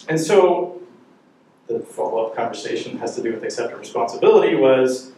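A man's voice: medium pitch, lively intonation, brisk, warm tone, slight background noise. A middle-aged man teaching a church parenting class, telling joking stories and asking the audience questions. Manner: jokey, anecdotal, asks the audience questions. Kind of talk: humorous storytelling talk to a class. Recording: very echoey room, voice from far off.

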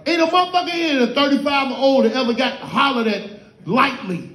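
A middle-aged man doing stand-up comedy in a club lounge, telling stories loudly with constant profanity. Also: extremely high pitch, fairly quick. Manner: loud, profane, animated storytelling. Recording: roomy club echo.

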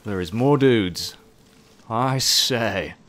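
Excitable sweary man streaming a game. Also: fairly low pitch, extremely slow. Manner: excitable, swears often, chats with viewers while playing. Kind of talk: casual live-stream commentary.

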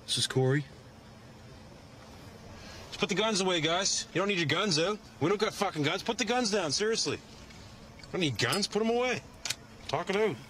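An actor playing a rowdy, foul-mouthed trailer park hustler who blusters and swears. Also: male voice, high voice, animated, a little hiss or hum. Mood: smooth-talking. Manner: loud, swearing, quick-talking bluster. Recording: film audio with loud ambience.

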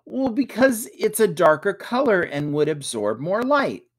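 Man reading as a sharp, confident young girl, pitched high. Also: big pitch swings, unhurried, no room sound, clean studio sound, exaggerated voice. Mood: bright. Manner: bright, confident. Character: bright clever young girl.

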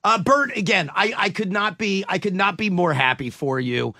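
A radio host man who talks with enthusiasm and heaps praise on his guest. His voice is high and bright, recorded close and dry in the studio. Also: normal speed, no echo. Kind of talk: casual radio interview.

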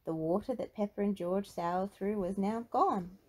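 A woman reading a children's picture book aloud in an expressive, sing-song storytelling manner. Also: mid-range voice, moderate pace. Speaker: storybook reader.

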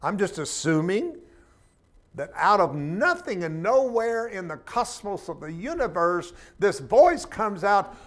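A man leads a spiritual class in a loose, sermon-like style. His voice sits a little high for a man, and he talks with conversational emphasis and the odd joking aside. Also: sing-song, moderate pace. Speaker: spiritual teacher.

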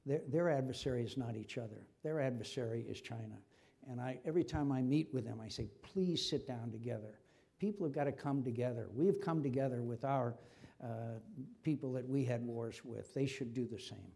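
Impassioned older American man, dark tone. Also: mid-range voice, brisk, vocal fry. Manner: impassioned, repeats himself when stirred. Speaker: senator being interviewed. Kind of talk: public forum conversation. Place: lecture forum before an audience.

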